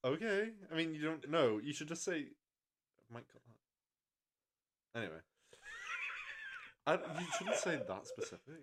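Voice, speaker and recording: A man's voice: on the high side, moderate pace, long pauses. A young man, co-hosting a casual podcast and telling stories with lots of laughter. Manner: animated, laughing storyteller. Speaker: podcast co-host. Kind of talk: casual chat. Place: indoor room with co-host.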